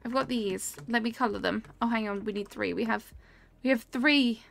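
A woman's voice: on the high side, moderate pace, gravelly, a bit bright. A young woman streaming a cozy game, chatting casually and reacting aloud to what happens on screen while answering her chat.

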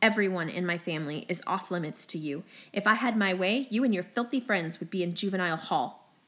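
A woman's voice: lowish voice, a little fast, a bit bright, natural voice. Lady reading as an angry mom from a storybook, seething and clipped, cold and bitter, scolding her kid. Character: furious protective middle-aged mother, cold and bitter.

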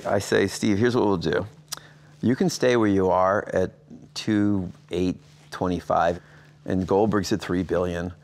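A man in his sixties with a low voice tells stories in a sit-down interview. He acts out the quoted dialogue, and his voice leaps upward on the exclamations. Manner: animated anecdotes, acting out quoted dialogue with big jumps in pitch. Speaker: interview guest.

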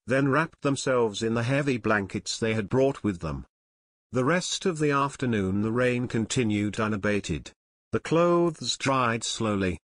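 A man narrating an unabridged audiobook in a steady, measured reading. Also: mid-range voice, no echo, studio quality.

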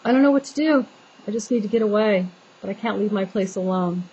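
A woman's voice: mid-range voice, brisk, warm tone, slightly rough, muffled recording. A woman venting in a casual vlog, talking in an exasperated, rambling way with many restarts and fillers. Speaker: homeowner venting to viewers.

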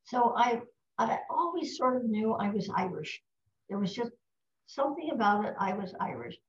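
Lady in her 90s telling showbiz stories, lively, kinda roomy audio. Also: on the high side, moderate pace, a little hiss or hum. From United States. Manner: lively, anecdotal, fond of putting on voices. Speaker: guest, voice actress. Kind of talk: casual storytelling interview. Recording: roomy, slightly dull recording.

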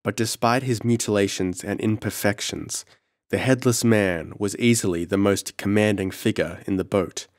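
A man narrating a horror story in a measured, dramatic audiobook reading. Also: fairly low pitch, steady tone, dry recording, studio quality. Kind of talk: scripted narration.

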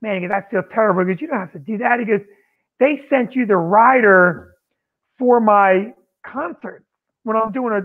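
A man's voice: high voice, moderate pace. A man who owns a comedy club, telling stories in casual podcast chat and acting out what people said. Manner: animated storyteller acting out quotes. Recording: tinny phone-like line.

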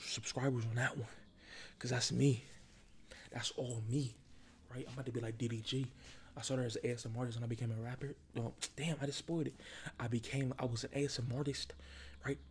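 A man's voice: mid-range voice, a little hiss or hum. A man rambling chaotically in whispered ASMR, joking and jumping between whispers and spoken talk, close to the mic at home. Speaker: ASMR creator. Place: at home, sitting before a camera. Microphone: ASMR microphone, close.

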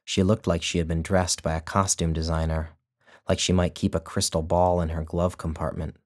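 A man narrating his own short story in a measured, deliberate storytelling manner. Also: sits low, little pitch movement. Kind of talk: scripted narration.

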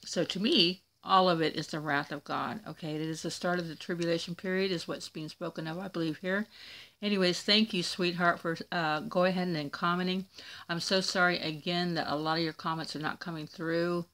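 Woman host, fairly low voice, warm chatty preaching, recorded on a phone at home. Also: steady tone, brisk. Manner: chatty, tender, addresses viewers as "you guys" and "y'all". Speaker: Christian video host reading viewer comments. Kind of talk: casual religious talk to camera. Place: at home in Florida.

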